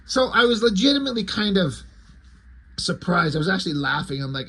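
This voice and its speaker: A man reviewing a comic book in a casual recap, crude, excitable and sarcastic. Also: high voice, fast, slightly rough.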